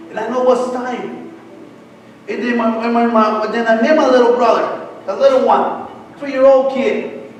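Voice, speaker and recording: A man sharing a personal testimony in church, talking haltingly and repeating words as he searches for them. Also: extremely high pitch, fairly even intonation, slight background noise. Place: church sanctuary. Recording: echoey hall, distant mic, faint music.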